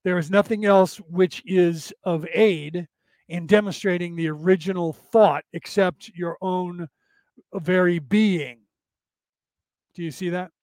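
A man's voice: high voice, steady tone, takes it slowly, a little mellow, dry recording. A man hosting a podcast, explaining a text in a casual, rambling way, often restarting and adding "right?" to check in. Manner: rambling, self-correcting, frequent "right?" tags. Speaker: podcast host.

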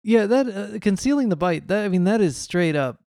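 A man's voice: high-pitched, expressive, moderate pace, gravelly, darkish tone, no echo, clean studio sound. A man co-hosting a casual movie podcast, enthusiastic and jokey as he describes scenes. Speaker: podcast co-host.

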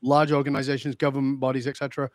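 A man who is a leadership consultant, telling client stories on a podcast and acting out the dialogue with lively emphasis. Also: medium pitch, very fast, no echo. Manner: animated, acts out quoted dialogue. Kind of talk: podcast interview storytelling.

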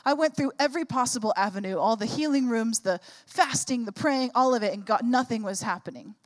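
A woman's voice: fairly high pitch, fairly quick. A woman in her thirties, a pastor preaching a sermon, telling a personal story and building to fervent exhortation.

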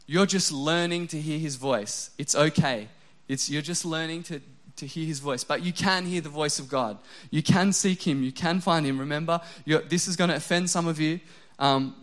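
A young adult male pastor delivers a relaxed, joking sermon. His voice sits fairly high for a man, and he is quick to poke fun at himself, peppering his talk with "like" before turning earnest. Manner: casual, self-mocking humor with frequent "like" fillers.

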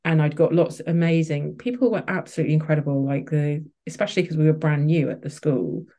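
A woman's voice: sits low, quick pace, dark tone. A woman, a podcast guest, telling a personal story candidly, with frequent restarts and fillers. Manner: open, emotional, many restarts and fillers.

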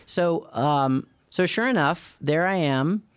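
A man's voice: a little high, animated, slow pace, clean tone, dry recording. Man with dry, self-deprecating humor. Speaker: podcast co-host. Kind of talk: casual storytelling chat.

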